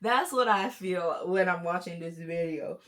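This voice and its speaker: A young woman from Florida, a commentary YouTuber, reacts casually to short videos over music. Her voice is on the low side and unhurried, and her chatty talk is full of fillers.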